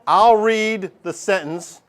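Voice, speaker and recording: A man teaching a math class, lively and joking as he talks straight to his students in a classroom. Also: high voice, takes it slowly. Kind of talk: classroom lesson.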